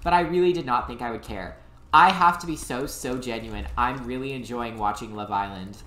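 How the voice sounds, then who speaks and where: A woman co-hosting a casual chat, telling animated stories with many "like" fillers. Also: rumbling low, a little fast, echoey room, a little hiss or hum.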